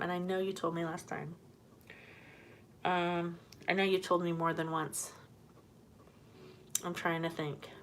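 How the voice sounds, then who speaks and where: A woman's voice: lowish voice, a little hiss or hum. A woman hosting a homesteading live stream, chatting loosely, greeting viewers from the comments and laughing easily. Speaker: homesteading channel host. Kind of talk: casual live-stream chat.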